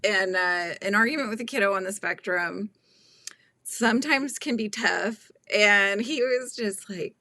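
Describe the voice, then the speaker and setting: Crocheting on a laid-back livestream, a woman in her thirties reads out viewer comments and chats, frequently laughing as she acts out quotes. Her mid-range voice has a sharp edge and moves a little slowly, captured in a dry recording.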